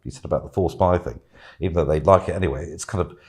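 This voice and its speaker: A man's voice: low voice, fast. A man and podcast guest telling a casual, rambling story, chuckling and dropping plenty of "you know"s.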